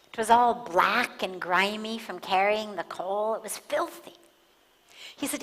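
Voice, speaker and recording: Calm woman teaching in a reverberant hall. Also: mid-range voice. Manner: calm, measured, pausing for emphasis. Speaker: spiritual teacher. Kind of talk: spiritual talk with storytelling. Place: large satsang hall.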